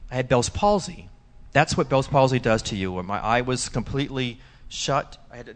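A man preaching a sermon as pastor, telling stories emphatically and swinging between loud bursts and hushed low lines. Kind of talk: sermon testimony. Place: church.

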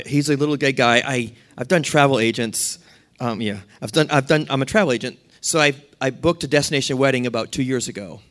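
A pastor preaching a sermon, telling stories in a lively way and acting out what other people said. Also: male voice, medium pitch. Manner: storytelling with lively asides and acted-out quotes.

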